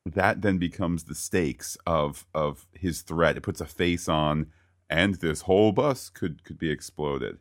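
A man co-hosting a podcast, chatting casually and eagerly about a TV episode, often rising into excited bursts. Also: sits low, unhurried, no room sound, studio quality. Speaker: podcast co-host.

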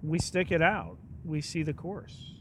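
Slow-talking man with dry humor. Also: a little high, sing-song, noisy background. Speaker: podcast co-host. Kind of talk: casual chat.

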